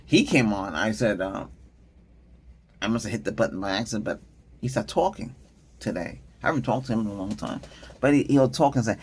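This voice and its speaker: A man's voice: on the low side, fairly quick, darkish tone, slight background noise. A middle-aged man hosting a tech channel, chatting casually and rambling, often laughing and trailing off mid-thought. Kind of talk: casual rambling vlog chat.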